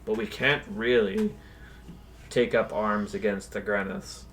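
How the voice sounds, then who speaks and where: A man voicing a calm, cautious lord. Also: fairly low pitch, measured pace, slight background noise, exaggerated voice. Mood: placating. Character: calm, cautious male lord advising restraint.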